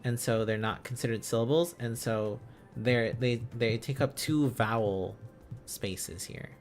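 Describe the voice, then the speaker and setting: Slow, halting man thinking aloud. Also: mid-range voice, soft background music. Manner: thinking aloud, sounding out syllables, chuckling often. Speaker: streamer. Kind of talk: casual livestream, learning aloud.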